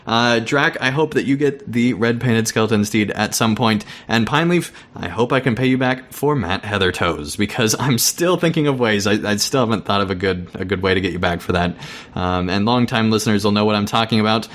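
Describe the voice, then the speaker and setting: A podcast co-host giving an earnest, thankful farewell in a casual way. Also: male voice, lowish voice, fairly quick, a bit bright.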